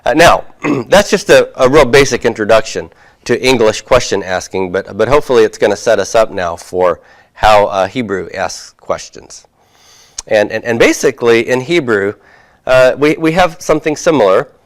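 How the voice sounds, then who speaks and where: A man's voice: mid-range voice, lively intonation, normal speed. Joking man giving a grammar lecture. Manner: folksy and joking, many fillers and restarts. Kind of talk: classroom lecture.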